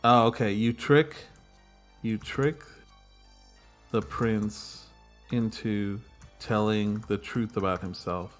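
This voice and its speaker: A man co-hosting a casual podcast who narrates story beats and drops dry, deadpan jokes. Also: on the low side, slow, long pauses, faint music behind. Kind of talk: casual improvised storytelling chat.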